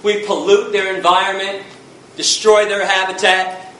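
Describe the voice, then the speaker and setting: Speaking a little slowly in a high, level, sharp voice, this American man gives a fiery, blunt and confrontational public lecture with real passion. The sound comes from a distance in an echoey hall, and there is slight background noise.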